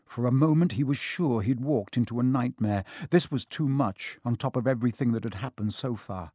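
A man's voice: medium pitch, a little fast, warm tone, no room sound. Brief: male audiobook narrator, dramatic, dry close studio sound. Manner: dramatic storytelling. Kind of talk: audiobook reading.

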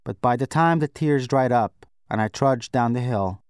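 A man reads a first-person novel aloud in a steady, measured voice of middle pitch. The recording is dry and close, with no room around the voice. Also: clean tone, no room sound. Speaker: audiobook narrator. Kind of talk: scripted narration.

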